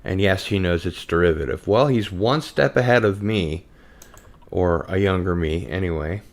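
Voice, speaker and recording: Deep-voiced man, relaxed host. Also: normal speed, background noise. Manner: relaxed, reads out viewer comments. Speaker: podcast host. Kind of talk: casual live-stream chat.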